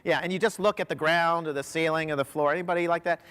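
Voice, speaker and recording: A high-pitched man gives an animated keynote talk, telling stories and firing questions at a big crowd. His voice rings out with a long hall reverb behind it. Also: fast, clear, resonant tone. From United States. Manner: animated storyteller, quizzes the audience. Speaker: professional speaker. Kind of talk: motivational keynote talk to a large audience. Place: large hall.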